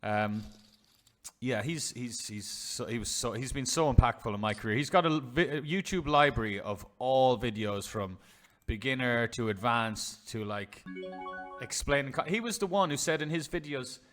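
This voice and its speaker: A man's voice: medium pitch, lively intonation, normal speed, fairly bright tone. A man commentating on his own online poker hands live, chatty and swearing freely, talking to his chat as lads and boys. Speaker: poker streamer.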